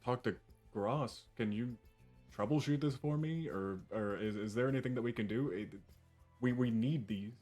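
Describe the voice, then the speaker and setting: A man's voice: mid-range voice, darkish tone, soft background music. Stammering man playing a tabletop game. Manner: halting, stammering. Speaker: guest player.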